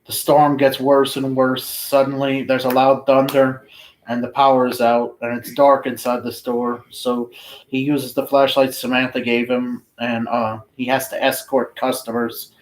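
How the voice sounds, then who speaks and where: A man casually reading his own fiction aloud, unhurried and flat, now and then pausing to find his place. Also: mid-range voice, a little hiss or hum, poor audio.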